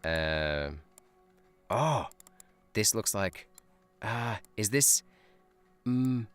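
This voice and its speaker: Deep-voiced man chatting through a live game. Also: animated, drawn-out words, clean tone, soft background music. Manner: thinks aloud, chatty, laughs often. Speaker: teacher streaming a browser game. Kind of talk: live gameplay chat.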